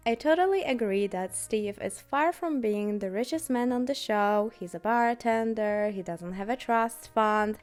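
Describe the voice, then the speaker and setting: A woman with the flu and a nasal voice, giving a sarcastic, chatty commentary in a reviewing video. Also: a little high. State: has the flu. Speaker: TV series reviewer.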